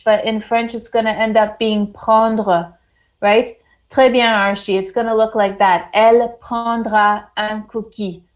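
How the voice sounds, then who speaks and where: A woman teaching a French lesson to a class, slow and deliberate, praising students often. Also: fairly high pitch, rough recording.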